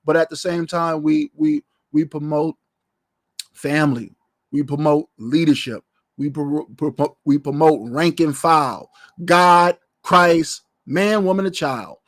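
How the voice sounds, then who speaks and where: A man's voice: on the high side, slow, no room sound, clean studio sound. A man preaching a sermon as pastor, in a loose, conversational way, often repeating short phrases.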